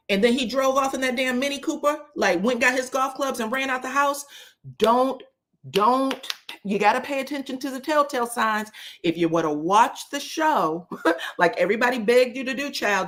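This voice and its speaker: A woman's voice: a little high, fairly bright tone. Sassy lady spilling tea on a reality show, swears a lot, acts out the quotes. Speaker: reality TV commentator. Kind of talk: casual recap commentary.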